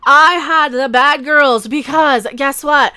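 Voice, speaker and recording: A high-pitched woman in her forties rants on her channel with a bright, sharp tone. She is emphatic and hammers her points with repeated refusals. The recording is close and dry. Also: takes it slowly, dry recording. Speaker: commentary channel host. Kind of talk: ranting opinion vlog.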